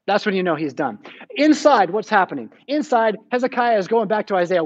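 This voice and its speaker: A man's voice: high-pitched, animated, fairly quick, muffled recording. An American man preaching a sermon in a church, retelling the story casually and acting out the quotes.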